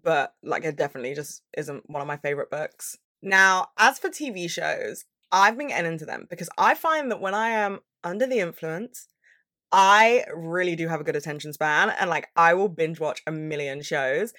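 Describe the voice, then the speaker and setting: A woman's voice: low voice, expressive, normal speed, sharp tone, dry recording, studio quality. A young woman vlogging in a casual, chatty way, swearing freely and gushing about what she loves. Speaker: book vlogger. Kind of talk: casual chat.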